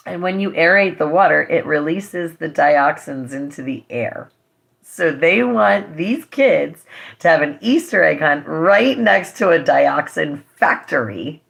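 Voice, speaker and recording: A woman speaking to her viewers in an earnest, impassioned vlog update. Her voice carries a gravelly, creaky edge, and she sounds emotional, as if holding back tears. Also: deep voice, fairly bright tone. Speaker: vlogger. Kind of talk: direct-to-camera vlog update.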